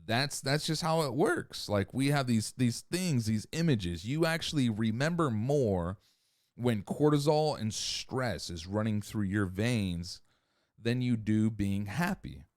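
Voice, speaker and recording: A man's voice: mid-range voice, expressive, unhurried, no room sound, studio quality. A man hosting a podcast in a casual, profane, rambling rant who sometimes loses his thread. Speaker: podcast host.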